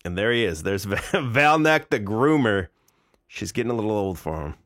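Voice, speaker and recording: A man's voice: lowish voice, lively intonation, moderate pace, fairly bright tone, dry recording, clean studio sound. A man in his forties streaming live, reacting to videos in casual, incredulous, mocking commentary. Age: 40s.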